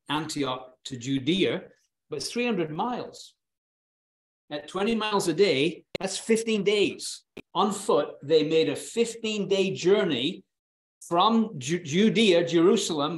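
A male preacher delivering a sermon in an earnest, emphatic way, often repeating words as he stresses a point. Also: a little high.

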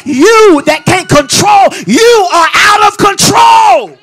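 Preacher guy w a really high bright voice, sing-song sermon, faint music behind. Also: expressive, takes it slowly, creaky, some chatter behind. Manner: preaching with sing-song cadence, building to shouts; call-and-response with the congregation. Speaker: pastor.

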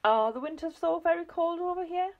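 A woman's voice: very high-pitched, expressive, fairly quick, narrow, tinny audio, pitched above the performer's own voice. A woman voicing an anxious male monkey, a family father, exclaiming worries in a storybook.

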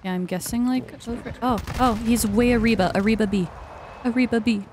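Excitable, foul-mouthed young woman streamer. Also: a little high, fairly quick. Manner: excitable, swears a lot, laughs often. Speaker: game streamer. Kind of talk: casual gaming stream chat. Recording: noisy background hiss.

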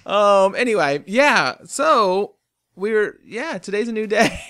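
Bright, high-voiced gamer guy. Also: animated, a little slow. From North Carolina. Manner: rambling, jokey, talks to his game animals. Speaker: gaming host. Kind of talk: casual let's play commentary.

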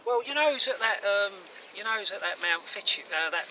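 A man chatting casually outdoors, agreeable and quick to ask tag questions. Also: high voice, expressive. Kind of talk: casual chat. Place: outdoors in woodland. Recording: distant outdoor voice with loud noise.

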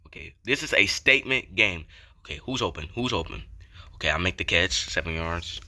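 A young man giving casual commentary over his football video game, slangy and excitable, repeating chants and getting hyped on big plays. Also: low-pitched, a little fast. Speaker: gaming YouTuber. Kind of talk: gameplay commentary.

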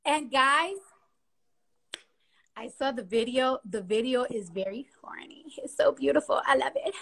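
Brief: young woman, bright high voice, nervous chatter on a phone live, loud and bubbly. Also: a little slow, creaky. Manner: giddy, nervous, rambling, loud laughs and squeals. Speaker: Instagram live co-host. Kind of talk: casual live-stream chat. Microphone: phone camera.

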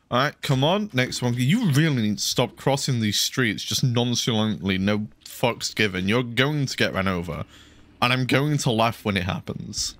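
A man's voice: medium pitch, animated, moderate pace, a bit bright. A man giving casual, rambling game commentary, mocking himself and swearing freely. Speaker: gaming channel host.

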